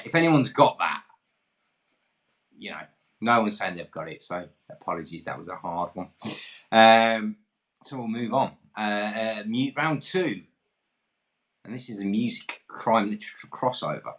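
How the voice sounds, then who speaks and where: A man's voice: deep voice, fairly bright tone. A man from England hosting an online pub quiz, reading questions in a jokey, self-deprecating way. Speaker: quiz host.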